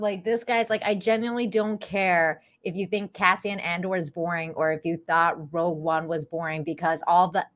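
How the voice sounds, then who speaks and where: Lower-pitched woman reading posts aloud. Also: a bit bright. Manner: reads posts aloud with blunt profane asides. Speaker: panel guest. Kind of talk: casual panel chat.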